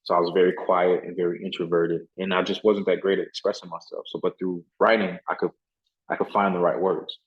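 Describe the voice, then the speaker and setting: A man's voice: deep voice, level tone, fairly quick. A man, a podcast guest and motivational speaker, telling stories in a casual interview. He is earnest, repeats his words and often says "you know". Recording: dull lo-fi sound.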